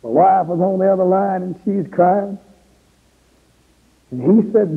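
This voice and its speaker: A middle-aged man, an evangelist, preaching a revival sermon in an impassioned, pleading way with a gravelly, husky voice. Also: high-pitched, measured pace. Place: church revival service. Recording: tinny, echoey old sermon tape.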